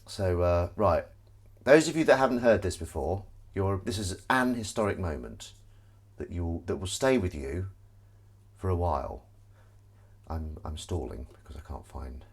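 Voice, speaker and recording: A man hosting a casual live stream, rambling and self-mocking with sudden shouts while he does the washing up at home. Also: low voice, lively intonation, measured pace, breathy edge. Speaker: streamer host. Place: home kitchen, doing the washing up. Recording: clattering dishes and running water.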